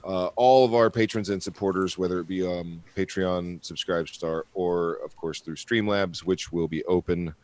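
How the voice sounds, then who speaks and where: Deep-voiced man rambling on a podcast. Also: steady tone, normal speed, hardly any pauses, a little mellow, no echo. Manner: rambling, swears casually, many fillers. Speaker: podcast host. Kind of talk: casual podcast chat.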